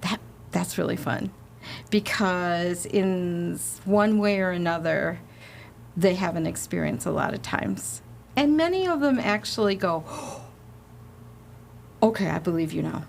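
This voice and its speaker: A woman casually telling a ghost story on a podcast, animated and laughing, acting out the quotes. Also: lowish voice, a little slow, creaky, slight background noise. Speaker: guest, haunted inn representative.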